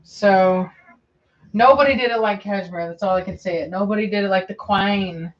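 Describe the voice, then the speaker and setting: A woman's voice: mid-range voice, normal speed. A woman breeder chatting casually on a livestream, answering viewer questions in a meandering way, with lots of ums and repeated phrases. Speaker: dog breeder hosting a livestream. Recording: dull lo-fi stream audio.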